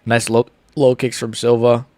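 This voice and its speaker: Young male streamer with hiccups, casual slangy chat, close dry mic, mid pitch. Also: flat delivery, normal speed, warm tone, no echo. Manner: reads chat aloud, laid-back slangy banter. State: has the hiccups. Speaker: streamer reacting live to fights.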